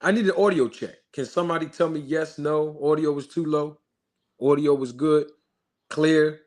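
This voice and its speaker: Brief: Philly-male streamer, slightly high voice, hypes the chat and scolds trolls with repetition. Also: steady tone, normal speed. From Philadelphia. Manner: hyped, shouts out viewers, repeats himself emphatically. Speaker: livestream host. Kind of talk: live-stream chat and commentary.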